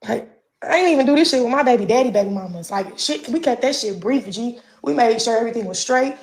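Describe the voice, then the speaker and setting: Profane, gravelly-voiced woman ranting on a livestream. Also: a little high, lively intonation, fast, a little mellow. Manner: profane, confrontational, drawling. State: pregnant. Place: at home.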